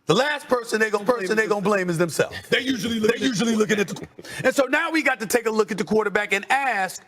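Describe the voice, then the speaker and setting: A man hosting a sports debate show, arguing with emphatic rhetorical questions and drawn-out, sing-song stresses. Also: sits high, fairly bright tone. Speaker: sports talk host.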